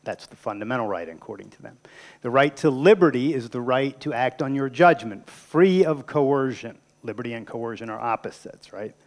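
A man's voice: medium pitch, lively intonation, normal speed. A man giving a public lecture in a conversational, emphatic way, often asking his listeners rhetorical questions. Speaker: guest lecturer. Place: university lecture room.

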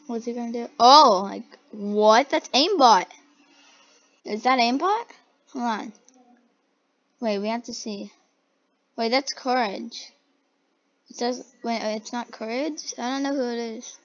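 Young female gamer, excitable, slow-paced reaction commentary, slightly high voice, dull lo-fi sound. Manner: excitable, gasping, giggly. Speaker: video reactor. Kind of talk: try-not-to-laugh reaction commentary.

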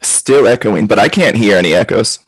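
A man's voice: lowish voice, lively intonation, moderate pace, breathy edge, dry recording, low-quality recording. A man hosting a casual football chat over a video call, chatty and rambling. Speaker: podcast host.

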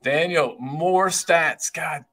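A man's voice: on the high side, very slow, pushed and bright. A man co-hosting a live podcast stream, upbeat and reading out viewer comments and greeting people by name. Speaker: podcast co-host.

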